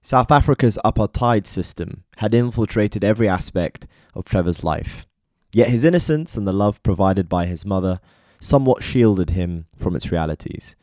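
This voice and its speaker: A man reading scripted biographical narration in a measured way, speaking straight to the listener. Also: fairly low pitch, lively intonation, darkish tone, dry recording, clean studio sound. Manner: measured, addresses listener directly. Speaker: documentary narrator.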